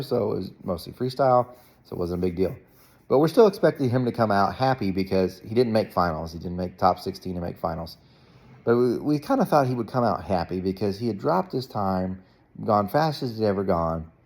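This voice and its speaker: A man casually telling a rambling story as a parent, with frequent restarts and fillers. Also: vocal fry. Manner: rambling, animated, jumps to a high voice when quoting himself. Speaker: parent vlogger.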